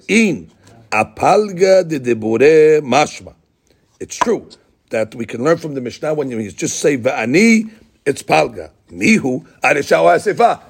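Guy teaching talmud, gravelly and kinda husky, goes through the text line by line, acts out the speakers. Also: a little high. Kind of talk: Talmud study lesson.

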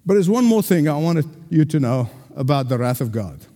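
A male pastor preaching a sermon with emphatic delivery and dramatic pauses. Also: on the high side, big pitch swings, warm tone. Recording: long hall reverb.

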